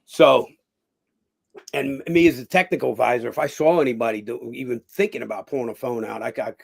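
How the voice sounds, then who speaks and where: A man's voice: medium pitch, steady tone, a little fast, creaky, breathy edge. A man, a guest telling rambling stories in a casual interview, full of "you know" and acted-out voices. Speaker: guest, former boxer.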